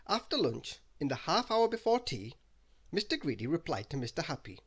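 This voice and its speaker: A man reading a children's bedtime story aloud in an animated, expressive way. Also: a little high, brisk, husky.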